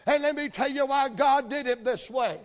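An older man voicing a calm, forgiving biblical ruler inside a sermon, earnest and gently pleading. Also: very high-pitched, moderate pace, long reverb tail, pitched above the performer's own voice.

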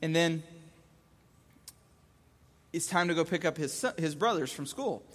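A man in his thirties telling a comic story about his young son, animated and jumping between voices. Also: on the high side, measured pace. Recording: echoey hall.

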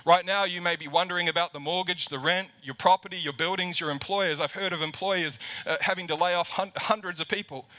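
A man's voice: high voice, fairly even intonation, fairly quick, few pauses, sharp tone. A man preaching a livestreamed sermon as lead pastor to a camera in an empty church auditorium, impassioned and repeating words as he builds emphasis.

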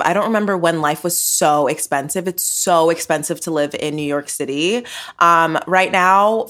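A woman hosting a podcast, telling stories in a casual, animated monologue and swearing freely. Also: fairly low pitch. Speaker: podcast host.

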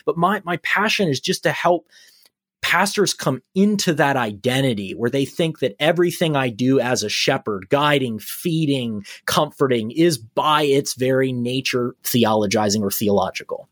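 Animated male pastor telling a story. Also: mid-range voice, normal speed, no room sound, clean studio sound. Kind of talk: podcast conversation.

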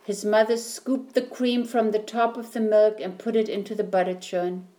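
A woman reading a children's story aloud, slowly and clearly. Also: medium pitch, flat delivery, mellow. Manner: slow, clear, deliberate reading.

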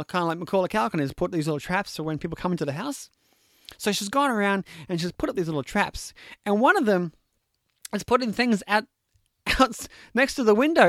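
A man with a high, light voice retells a film's plot in a loose, chatty way, joking along as he goes. The sound is close and dry, with no room around it. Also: brisk, dry recording. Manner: animated, chatty, jokey storytelling with fillers. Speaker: movie recapper. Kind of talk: casual movie recap.

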